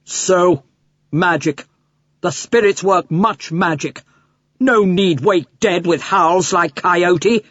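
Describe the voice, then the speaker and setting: A woman voicing a tiny, proud, stern warrior man who speaks in clipped, broken phrases, slow and grave. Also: fairly low pitch, breathy edge, no room sound, highs cut off. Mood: calm disapproval.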